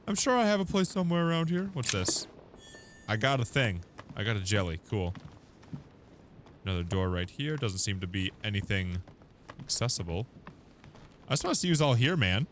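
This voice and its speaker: A man's voice: on the low side, expressive, moderate pace, long pauses, slight background noise. A chatty young man giving let's play commentary on a video game, laughing often. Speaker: gaming YouTuber.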